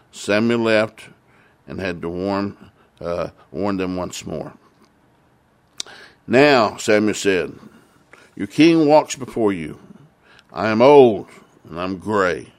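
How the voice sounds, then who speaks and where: A man preaching a sermon, retelling a Bible story and then pressing its lesson with earnest, repeated emphasis. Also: on the low side. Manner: earnest, repetitive emphasis, rising to fervent.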